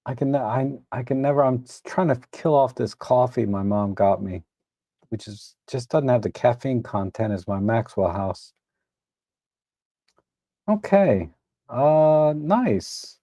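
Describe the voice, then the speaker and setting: A man hosting a live photo editing stream, reviewing viewers' edits in a relaxed, rambling way with many restarts. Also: medium pitch, normal speed, dry recording. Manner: relaxed, rambling, self-correcting with frequent restarts; tired, admits yawning. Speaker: photo editing livestream host. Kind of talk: casual live commentary.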